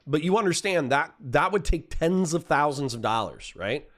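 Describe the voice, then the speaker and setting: A man's voice: a little high, animated, moderate pace, fairly bright tone. Rambling, profane male streamer. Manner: profane, rambling, reads chat aloud. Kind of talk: casual livestream rant.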